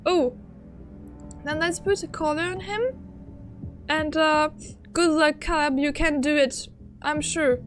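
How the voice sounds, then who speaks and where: Excitable high-voiced woman streamer. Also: slow, pauses often, soft background music. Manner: excitable, flustered reactions between story text read aloud. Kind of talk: game reaction livestream.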